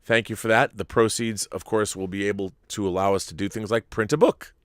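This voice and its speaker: A man's voice: on the low side, steady tone, a little fast, no room sound, clean studio sound. A man hosting a live-streamed talk show, chatting casually to viewers in a rambling, stop-start way at a desk mic.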